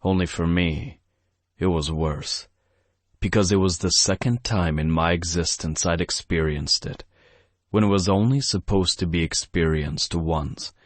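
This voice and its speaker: A man narrating a first-person romance audiobook in a brooding, steady way on a close studio mic. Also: low voice, a little slow, dry recording.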